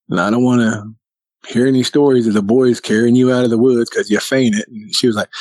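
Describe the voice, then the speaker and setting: A man telling a personal story as a guest, lively and acting out what people said. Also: on the low side, brisk, dry recording, poor audio. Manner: animated storyteller who acts out quotes. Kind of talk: casual storytelling.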